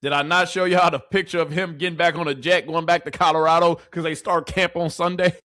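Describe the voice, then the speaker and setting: A man's voice: on the high side, flat delivery, brisk, sharp tone, no echo, studio quality. A man giving casual sports reaction commentary, heated and mocking, with plenty of profanity.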